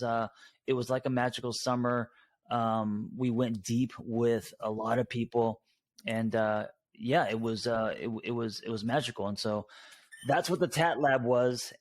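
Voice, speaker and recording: A man's voice: lowish voice, dry recording. A man hosting a podcast as a therapist, talking casually with many fillers and restarts. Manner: relaxed, hesitant with many fillers. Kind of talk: casual conversational interview.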